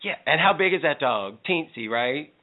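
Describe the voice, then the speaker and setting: A man's voice: on the high side, animated, normal speed, narrow, tinny audio. A man from North Carolina, a comedian guest on a talk radio show, easygoing and playful. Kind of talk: casual talk radio banter. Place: radio studio.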